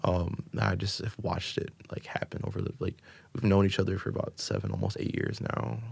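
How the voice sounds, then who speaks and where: American man, deep voice, gravelly, rambling podcast guest. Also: big pitch swings, fairly quick, a little mellow, no echo. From United States. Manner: rambling, filler-heavy with constant "like" and "um". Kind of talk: casual storytelling.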